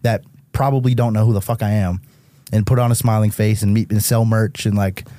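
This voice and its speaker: A young man from Massachusetts, a musician guest on a podcast, telling tour stories in a casual, animated way, swearing often and saying "like" a lot. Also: lowish voice, a little fast, no echo, studio quality.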